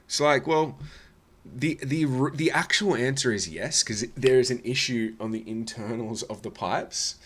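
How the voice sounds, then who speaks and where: A man's voice: medium pitch, a little slow, fairly bright tone. An Australian man hosting a reaction video with blunt, scornful, sarcastic commentary.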